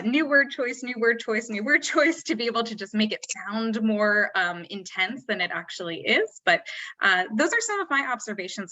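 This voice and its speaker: A woman admission officer giving a measured webinar talk, pausing with fillers. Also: mid-range voice, pushed and bright, no room sound, low-quality recording. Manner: thoughtful, measured, with frequent fillers. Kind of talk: webinar presentation.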